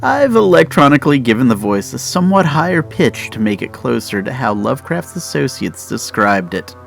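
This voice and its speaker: A male host giving a scripted narration with an animated, expressive delivery. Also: medium pitch, normal speed, gravelly, soft background music.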